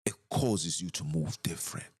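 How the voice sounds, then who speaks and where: A man's voice: a bass voice, normal speed, darkish tone, husky. A man hosting a podcast, delivering an emphatic, ranting monologue full of rhetorical questions. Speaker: podcast host. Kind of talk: impassioned monologue.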